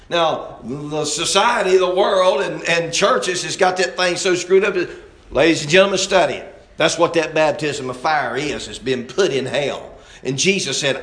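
A man's voice: on the high side, animated, normal speed, fairly bright tone, roomy sound. A man preaching a Baptist sermon in a folksy, emphatic way.

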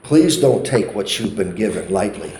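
A man's voice: low voice, lively intonation, moderate pace, background noise. Impassioned preacher man in an echoey hall. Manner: impassioned storytelling with pleading emphasis. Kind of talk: sermon. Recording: roomy hall echo.

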